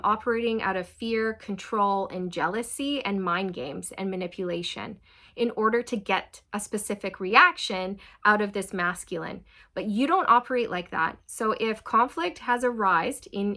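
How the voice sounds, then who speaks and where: A woman giving a channeled tarot reading to viewers, talking in a repetitive way with frequent "okay" and laughter. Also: mid-range voice. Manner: warm, repetitive, addresses viewers as you guys; often laughs and says okay. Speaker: tarot reader.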